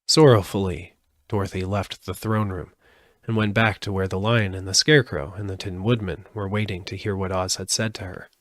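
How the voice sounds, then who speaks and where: A man reading a storybook aloud live, expressive, with occasional slips and restarts. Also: sits low, normal speed, dry recording. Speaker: audiobook reader.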